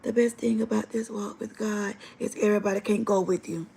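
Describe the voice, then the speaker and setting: A woman's voice: mid-range voice, fairly even intonation, fairly quick, gravelly, warm tone, a little hiss or hum. A woman hosting a livestream, giving an earnest, emotional faith testimony straight to her viewers. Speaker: livestream host. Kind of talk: live-stream faith testimony.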